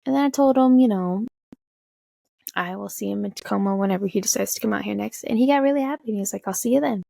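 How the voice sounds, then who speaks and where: A young woman casually telling an excited, swear-filled story, jumping high in pitch when she quotes herself. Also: gravelly, no room sound. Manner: excited, swearing, talks fast with big pitch jumps when quoting. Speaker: vlogger.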